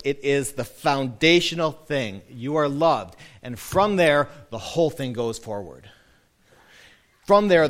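A male pastor giving a casual, conversational sermon, slowing down and softening for quoted lines. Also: fairly high pitch. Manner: lively, conversational preaching with soft, slowed quoted lines.

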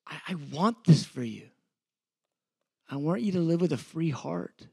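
A man's voice: a little high, animated, a little slow, creaky, a little mellow, breathy edge, no echo. A middle-aged man, preaching a sermon in an earnest, conversational way with repeated phrases. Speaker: pastor teaching a sermon.

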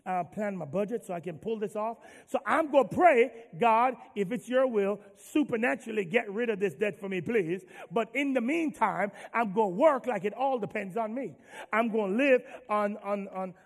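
A male pastor preaching with a high voice that carries a gravelly rasp. He draws call-and-response from the congregation, dropping soft before building loud. The sound rings through a reverberant church hall. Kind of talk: sermon.

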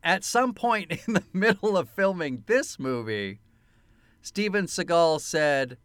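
Man, podcast co-host, slow-paced, smooth voice, swears and laughs a lot. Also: a little high, no room sound. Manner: animated, profane, laughs often while telling anecdotes. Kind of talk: casual film-review chat.

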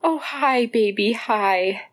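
A woman voicing a warm, fussing middle-aged mother who coos and scolds in a bright sing-song. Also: fairly high pitch, slow, voice pushed up. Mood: delighted. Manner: fond, then mock-scolding. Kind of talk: audiobook character voice.

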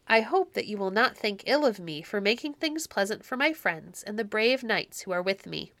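A humble abbot pleads anxiously, as a woman reader puts him on, in a bright, tense voice. The recording is close and dry. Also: medium pitch, lively intonation, normal speed, no echo. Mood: pleading. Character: frightened, humble male abbot. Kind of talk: audiobook reading.

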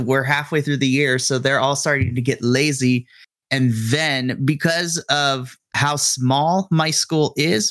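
A man, a middle school teacher, co-hosting a casual podcast chat and telling a classroom story in an animated, blunt, frustrated way. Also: mid-range voice, no echo, studio quality.

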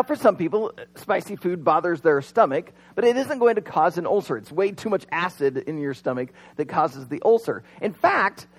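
A man preaching a sermon in a conversational way, with humorous asides and dramatic pauses. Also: on the high side, poor audio. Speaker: pastor.

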